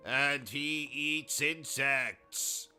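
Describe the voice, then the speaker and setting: Pompous British man with a bright voice. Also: mid-range voice, extremely slow, faint music behind. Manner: pompous, insulting, deadpan absurd. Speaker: gaming streamer host. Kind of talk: comedic in-character livestream monologue.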